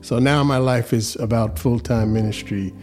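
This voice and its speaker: A man's voice: medium pitch, fairly even intonation, darkish tone, soft background music. New pastor guy hosting faith talk, earnest, lots of restarts. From New York, US. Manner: measured, earnest, restarts often. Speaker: podcast host, reverend.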